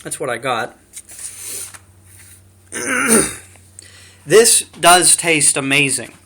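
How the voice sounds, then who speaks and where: A man's voice: a little high, sing-song, very slow, gravelly, very noisy. A young man casually reviewing a beer at home, rambling and chatty with lots of fillers, recorded on a camera mic.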